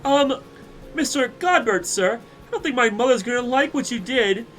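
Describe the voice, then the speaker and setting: A man's voice: very high-pitched, expressive, moderate pace, fairly bright tone, faint music behind, voice pushed up. A man doing a timid young girl. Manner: hesitant and polite. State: congested with a cold.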